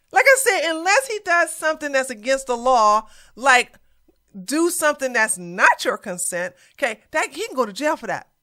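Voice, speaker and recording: A woman's voice: high-pitched, pushed and bright. A woman giving casual reaction commentary, blunt, sassy and emphatic in how she talks.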